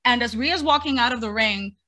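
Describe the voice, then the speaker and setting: A woman's voice: on the high side, fairly quick, bright, forceful tone, slight background noise. A woman co-hosting a podcast, recapping events in casual chat with frequent swearing. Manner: profane, storytelling recap. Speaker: podcast co-host.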